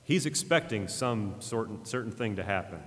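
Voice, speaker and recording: A man with a fairly low voice gives a sermon, talking earnestly and casually as he retells a scripture story. His words ring out with a long hall reverb, the sound of a church. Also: animated, normal speed, fairly bright tone. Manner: conversational, earnest, with frequent fillers and restarts. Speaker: pastor.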